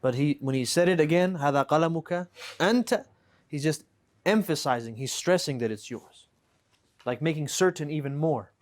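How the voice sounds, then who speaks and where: A man's voice: fairly high pitch, brisk. A man teaching an Arabic grammar class, patiently explaining with repeated examples and checking in with students. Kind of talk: classroom lesson.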